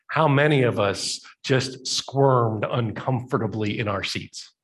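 Conversational male pastor preaching. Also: medium pitch. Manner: conversational storytelling, slowing down for emphasis. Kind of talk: sermon.

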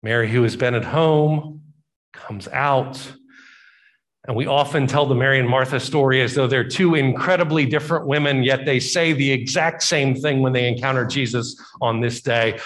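A man's voice: mid-range voice, moderate pace, a bit bright. Man preaching a storytelling sermon. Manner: storytelling, voices Bible figures in quotes, emphatic repetition. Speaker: pastor.

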